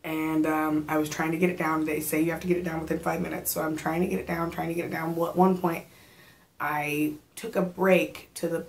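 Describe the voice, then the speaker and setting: Chatty pregnant woman, low gravelly voice. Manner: chatty storytelling, animated quoted asides. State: pregnant, gets out of breath. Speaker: vlogger. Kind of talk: casual pregnancy vlog chat.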